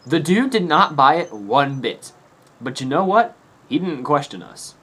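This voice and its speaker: A man's voice: on the high side, sing-song, unhurried, fairly bright tone, breathy edge. Rambling laughing young man. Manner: rambling, laughing, swearing often. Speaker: vlogger. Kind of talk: casual storytelling to camera. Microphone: camera mic.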